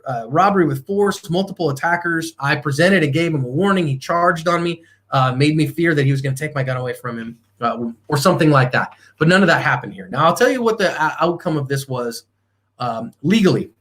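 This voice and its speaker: A man's voice: on the high side, fairly bright tone. A man giving a live self-defense seminar as the instructor, talking emphatically with fillers and restarts.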